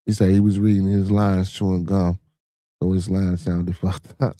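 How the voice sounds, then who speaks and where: A man's voice: sits low, level tone, normal speed, dark tone, dry recording. Chicago guy on a live podcast, laughs a lot, swears, repeats himself, dry close sound. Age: middle-aged. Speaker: podcast host. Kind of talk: casual live-stream chat reading viewer comments.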